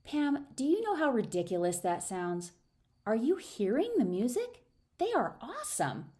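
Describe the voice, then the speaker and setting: A woman's voice: fairly high pitch, sing-song, unhurried, a little mellow, voice pushed up. Flustered practical young woman, exasperated, read by a woman narrator.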